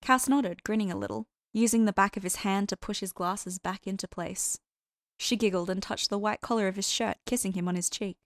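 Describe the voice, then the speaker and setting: A woman narrating fan fiction as an audiobook reader in a measured storytelling way. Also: medium pitch, steady tone, dry recording, studio quality.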